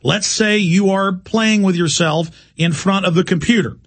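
Guy ranting on his talk show, raspy gravelly voice, kinda high. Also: moderate pace, a bit bright. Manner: urgent, ranting delivery. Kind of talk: impassioned monologue.

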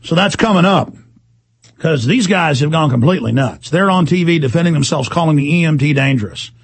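Husky, high-pitched ranting radio host man. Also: lively intonation. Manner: angry, shouting, fast-talking tirade. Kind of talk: talk radio rant.

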